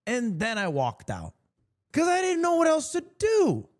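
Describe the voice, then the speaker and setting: Lively joking male streamer. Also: measured pace. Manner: joking, animated storytelling with sudden pitch jumps. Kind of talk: casual stream chat.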